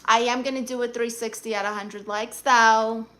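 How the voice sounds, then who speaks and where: A woman's voice: fairly high pitch, fairly even intonation, normal speed, fairly bright tone. A woman hosting a live stream, reading viewers' comments aloud and answering them in a sassy, blunt, teasing way.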